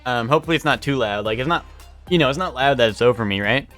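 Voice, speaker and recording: A man's voice: medium pitch, lively intonation, fast talker, fairly bright tone, faint music behind. A young man streaming live, chatting casually and rambling as he answers his chat.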